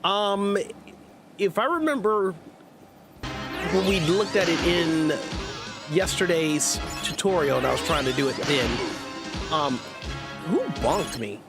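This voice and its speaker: A man's voice: high-pitched, a little slow, pauses often, over loud music. A man streaming gameplay, chatting casually and joking with his viewers as he reads their messages aloud. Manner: playful, jokey, sarcastic asides. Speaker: let's play streamer. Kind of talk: casual gameplay commentary with chat.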